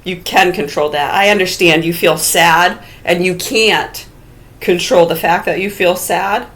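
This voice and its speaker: A woman's voice: on the low side, fairly even intonation, a little slow, a bit bright. A woman in a casual ranting monologue, blunt and profane, firing rhetorical questions at imagined listeners. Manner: argumentative, talks to absent listeners.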